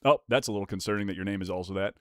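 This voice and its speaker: A low-voiced man in his twenties talks rapid-fire while streaming himself opening trading card packs. His casual chatter is excitable, swinging from quiet mumbles to loud hype. There's no echo.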